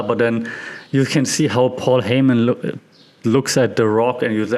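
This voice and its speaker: An animated man who teaches media studies, talking with real enthusiasm and breaking into laughter as he goes. His pitch sits in an ordinary male middle range. Now and then a small cough slips in. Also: normal speed. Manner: excited, animated, laughs often. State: occasional cough. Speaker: media professor. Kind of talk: enthusiastic commentary.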